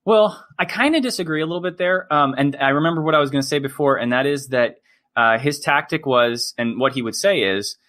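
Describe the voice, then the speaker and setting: A man's voice: fairly high pitch, fairly quick, a bit bright. A man co-hosting a podcast, talking in a chatty, explanatory way. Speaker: podcast co-host. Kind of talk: casual discussion.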